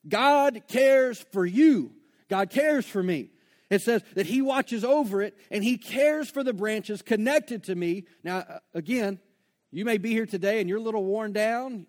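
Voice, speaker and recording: A man preaching a conversational sermon to a congregation, slowing down to stress key phrases. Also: sits high. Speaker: pastor. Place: church before a congregation.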